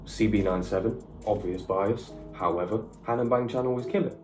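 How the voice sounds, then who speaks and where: A young British man doing a casual, excitable music reaction, chatty and slangy, with the odd swear. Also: on the low side, normal speed, reverberant. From United Kingdom.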